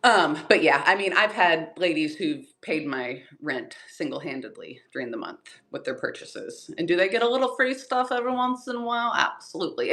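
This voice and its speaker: A young adult woman giving a chatty, fast-paced tutorial on her seller livestream, laughing often. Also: lowish voice, a bit bright. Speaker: online reseller hosting a seller-support livestream. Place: home room in front of shelves.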